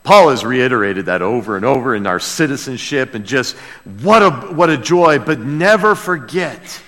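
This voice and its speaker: A man's voice: mid-range voice, lively intonation, normal speed, fairly bright tone, long reverb tail. A man preaching a sermon as pastor, talking directly to his congregation and asking them questions. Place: church.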